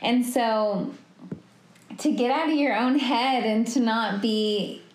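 A woman's voice: on the high side, takes it slowly. A young woman co-hosting a podcast, chatting casually, laughing often and acting out what people said. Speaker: podcast co-host. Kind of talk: casual chat. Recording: echoey room.

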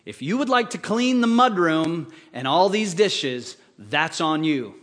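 A woman's voice: fairly low pitch, animated, measured pace, in a large hall. A man quoting a blunt, exasperated wife. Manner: blunt, matter-of-fact. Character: exasperated wife setting her husband straight.

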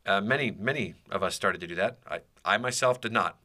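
A man's voice: lowish voice, a little fast, pushed and bright. A man hosting a podcast, telling a personal story in a casual, rambling way with many fillers and restarts. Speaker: podcast host.

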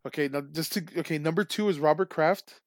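A man with a slightly high voice in a loose, laughing chat. He tells stories with lots of swearing and energy. The sound is dry and close, with no room in it. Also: fairly quick, dry recording. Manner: animated, swearing, laughing storyteller. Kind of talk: casual chat.

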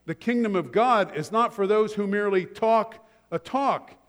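A man preaching from the pulpit in a relaxed, conversational style, leaning on wry everyday anecdotes to drive his points home. His voice sits a little higher than most men's and carries a long reverb tail from a large sanctuary. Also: normal speed, hardly any pauses. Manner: conversational preaching with humorous asides. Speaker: pastor. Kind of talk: sermon.

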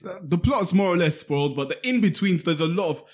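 A young man with a slightly raised voice, chatting casually among friends. He tells a story in a lively way, full of slang. His delivery is loose and animated. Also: high-pitched, fast, breathy edge. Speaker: podcast co-host. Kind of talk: casual chat.

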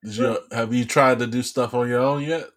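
A man's voice: mid-range voice, steady tone, normal speed, a crowd in the background. A man co-hosting a podcast in casual chat, laid-back and agreeable. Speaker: podcast co-host.

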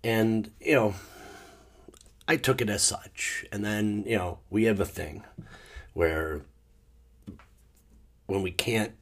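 A man hosting his own podcast, talking in a rambling, emotional way and feeling low, often restarting and sometimes bursting out loudly. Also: slow pace, long pauses. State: low and sad. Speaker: podcast host. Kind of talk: casual solo monologue.

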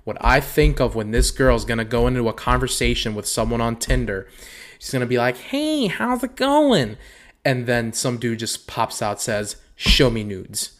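Dating bios get read aloud and mocked by a young podcast host whose commentary is casual, comedic, profane and lively, punctuated by lots of laughter. He speaks at a medium pitch and a moderate pace.

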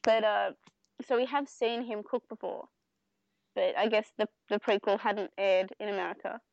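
A woman's voice: medium pitch, fairly even intonation, moderate pace, gravelly, darkish tone, lo-fi sound. A young woman co-hosting a casual podcast, recapping an anime at length with many fillers and restarts. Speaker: podcast co-host. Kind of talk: casual chat comparing anime versions.

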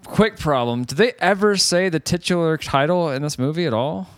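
A man's voice: a little high, moderate pace, no echo. A man co-hosting a casual movie podcast, joking and playful, recorded close on a dry mic. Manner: joking, playful, sings and does silly voices. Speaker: podcast co-host.

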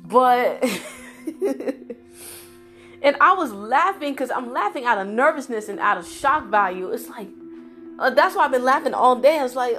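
A young woman hosting a podcast, talking straight to her listeners in an animated way and laughing often. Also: high-pitched, unhurried, pauses often, faint music behind. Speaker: podcast host. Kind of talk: casual opinion monologue.

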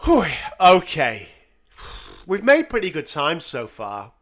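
An animated man co-hosts a casual music podcast, his voice sitting a little high and swooping widely. He laughs often and drops sarcastic asides into the quotes he reads aloud. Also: slow pace. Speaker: podcast co-host.

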